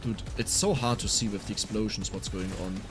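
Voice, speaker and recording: A man with a German accent chatting casually on a gaming livestream, talkative and quick to get heated. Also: fairly low pitch, music in the background. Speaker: streamer.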